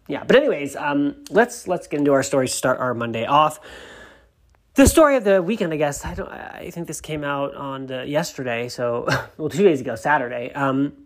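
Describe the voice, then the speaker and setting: A man hosting a celebrity news show, chatty and gushing, reading out news stories with many asides. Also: medium pitch. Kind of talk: casual gossip commentary, reading news aloud.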